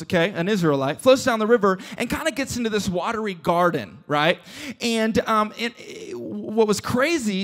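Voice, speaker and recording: Man pastor, high voice, casual joking sermon, playful storyteller. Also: a bit bright.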